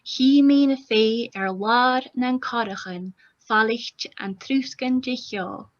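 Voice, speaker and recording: A woman reading a song aloud as a guest, in a slow, lilting recital. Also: on the high side. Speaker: guest reader. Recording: distant, dull lo-fi sound.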